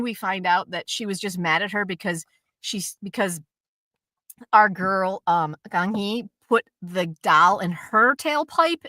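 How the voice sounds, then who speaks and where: A woman's voice: medium pitch, no echo, studio quality. A woman co-hosting a casual chat show, ranting animatedly about a drama and acting out its scenes. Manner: animated, ranty, swears, acts out scenes. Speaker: co-host.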